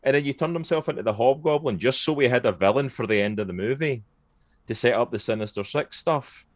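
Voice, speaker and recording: A man in casual podcast chat, ranting with animated sarcasm about films. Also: mid-range voice, a little fast, no echo.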